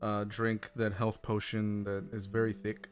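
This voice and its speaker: A man's voice: on the low side, completely flat delivery, measured pace. A man narrating as game master of a tabletop game, casual and loose, with lots of fillers. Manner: casual, laughing, with many fillers.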